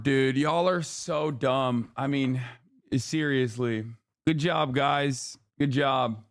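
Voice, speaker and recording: A man's voice: medium pitch, slow, no echo, studio quality. A man streaming from home, ranting and mocking his chat in a profane, casual commentary.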